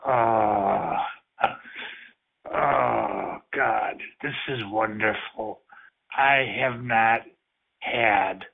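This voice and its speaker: A man on a chatline call, talking slowly and emotionally, rambling and moaning. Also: on the low side. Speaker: chatline caller. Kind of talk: explicit phone chat. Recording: tinny phone line.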